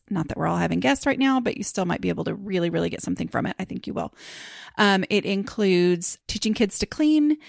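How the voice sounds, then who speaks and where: Gravelly-voiced chatty woman podcast host. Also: mid-range voice, no room sound, studio quality. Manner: rambling, chatty, many fillers and restarts. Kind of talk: casual chat.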